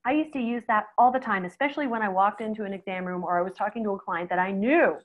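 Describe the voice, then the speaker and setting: A middle-aged woman, a veterinarian, giving a conversational webinar talk, lively and speaking straight to her audience. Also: mid-range voice, fast talker, poor audio. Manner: lively, acts out quoted reactions, addresses audience directly.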